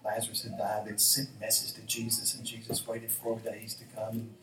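A man's voice: lowish voice, normal speed, distant mic, a little hiss or hum. A man preaching a sermon, acting out the lines of the figures in the story with changing voices. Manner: animated, acts out dialogue in changing voices. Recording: roomy echo, voice from off-mic.

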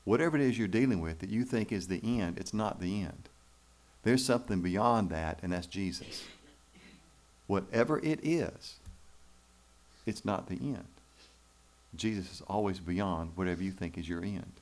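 A man's voice: low-pitched, expressive, moderate pace, long pauses. A man preaching a sermon in church, folksy and emphatic, with rhetorical questions to the congregation. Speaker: pastor.

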